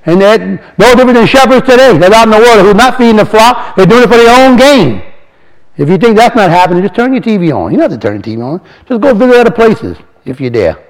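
A man giving an informal, earnest sermon to a congregation as a lay speaker, reading scripture slowly and putting questions to the listeners. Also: sits high, big pitch swings, poor audio. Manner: earnest and exhorting, reads verses slowly, asks the audience questions.

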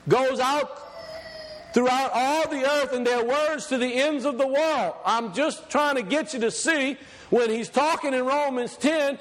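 A man preaching a sermon, emphatic, reading scripture slowly and deliberately. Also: extremely high pitch, big-room sound.

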